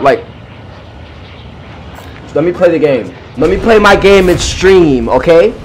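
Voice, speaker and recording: On a casual live stream, a young man plays a video game and teases his viewers with slangy trash talk and repeated phrases. His voice sits on the high side, at a moderate pace with long pauses.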